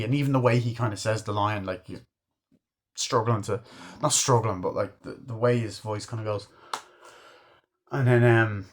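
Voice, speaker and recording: A man giving a casual, excitable movie review, swearing a lot and acting out scenes he loves. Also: lowish voice, moderate pace, pauses often. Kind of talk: casual film review monologue.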